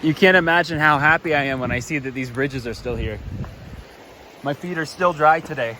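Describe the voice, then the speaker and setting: A man's voice: on the high side, fairly quick, poor audio. A man talking casually to his camera while hiking outdoors on a mountain trail, rambling with plenty of "like" fillers. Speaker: thru-hiker vlogger. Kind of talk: casual trail vlog narration. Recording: loud wind noise buffeting the mic. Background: strong wind.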